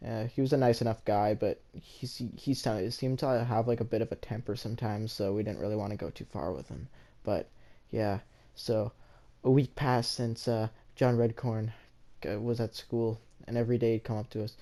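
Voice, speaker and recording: A man's voice: medium pitch, fairly even intonation, normal speed, warm tone. Rambling man telling a story. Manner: rambling, with many fillers and restarts. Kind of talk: casual storytelling vlog.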